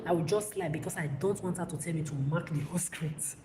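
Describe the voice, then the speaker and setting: A woman rants straight into the camera, blunt, profane and angry, often tripping over her words and starting sentences again. Her voice sits fairly low for a woman. It bounces around a hard, echoey room, and a steady wash of background noise runs underneath. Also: fast, few pauses. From West Africa. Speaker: vlogger. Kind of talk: ranting monologue to camera.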